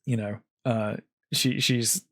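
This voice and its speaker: A man's voice: mid-range voice, steady tone, takes it slowly, dry recording, studio quality. A man co-hosting a film podcast, casually retelling scenes with lots of fillers. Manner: retells scenes with acted quotes, many fillers. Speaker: podcast co-host.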